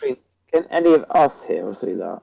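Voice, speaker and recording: A man at a tabletop game talks with a gravelly, animated voice. He is casual and jokey. The sound is slightly dull, with music faint behind. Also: medium pitch, brisk. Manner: lively, jokey, slips into cartoon impressions. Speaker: player.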